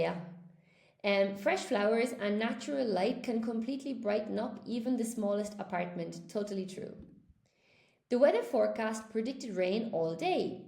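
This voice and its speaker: Chatty woman teacher, gravelly and roomy. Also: mid-range voice, a little mellow. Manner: chatty, encouraging, talks straight to viewers. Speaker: English teacher. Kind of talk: live-streamed lesson, reading viewer comments. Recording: echoey room.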